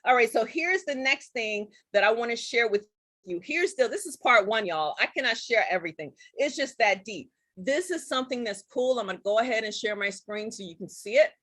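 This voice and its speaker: A woman hosting a casual live-stream tutorial, chatty and excitable, talking straight to her viewers. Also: a little high, brisk, no echo. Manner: chatty and excitable, addresses viewers as guys and y'all. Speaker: live-stream host teaching Zoom tips.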